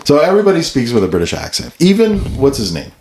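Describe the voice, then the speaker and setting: A man co-hosting a podcast, chatting casually about a movie with a halting, animated delivery and frequent restarts. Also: mid-range voice, gravelly. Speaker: podcast co-host. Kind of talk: casual movie review chat.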